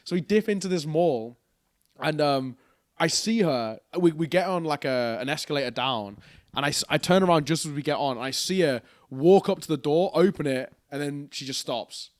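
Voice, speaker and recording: Slightly high in pitch and moderately paced, this young podcast co-host rambles through an anecdote full of swearing and laughter. The sound is clean studio audio, dry and without room echo.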